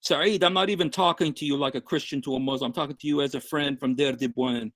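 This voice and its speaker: Fast, high-voiced man preaching in a dry room. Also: steady tone, fairly bright tone, dry recording. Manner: switches between English and Arabic, emphatic and repetitive. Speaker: Christian broadcaster answering commenters. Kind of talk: direct-to-camera preaching address.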